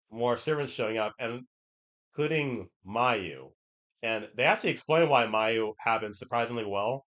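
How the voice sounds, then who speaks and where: A man's voice: mid-range voice, fairly bright tone. Rambling male streamer retelling a story. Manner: rambling, with many restarts and quoted voices.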